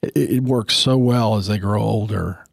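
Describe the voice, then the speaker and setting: A man's voice: on the low side, unhurried, creaky, slightly rough, no room sound, studio quality. A man in his fifties giving casual, earnest parenting advice, acting out family dialogue as he goes. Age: 50s.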